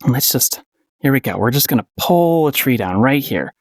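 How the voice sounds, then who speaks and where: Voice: medium pitch, lively intonation, moderate pace, no echo, studio quality. A painting instructor giving a casual paint-along tutorial, playful and encouraging, often giggling and repeating short phrases.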